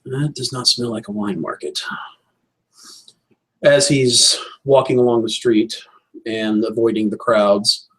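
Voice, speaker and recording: A man narrating as game master of a tabletop role-playing game, describing scenes in a measured, descriptive way. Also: on the low side, breathy edge, low-quality recording.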